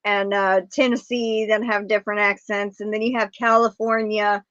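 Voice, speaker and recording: A woman's voice: mid-range voice, flat delivery, moderate pace, a bit bright, no room sound, dull audio. A woman with a Texan accent hosting a casual livestream chat, rambling easily and reading viewer comments aloud. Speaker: livestream host.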